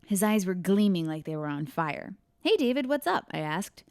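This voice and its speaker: A woman reads her own crime story aloud on a podcast, breaking off for quick, laughing asides. Her voice sits a little low and sounds smooth and clear. The sound is dry and close, with no room echo. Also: sing-song, a little mellow. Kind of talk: reading aloud with casual chat asides.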